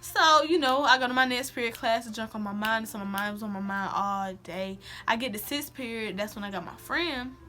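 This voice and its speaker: A woman's voice: on the high side, a little fast, few pauses, soft background music. A young woman telling a personal story in a casual, slangy vlog, acting out quotes. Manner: animated, slangy, acts out quotes. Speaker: vlogger.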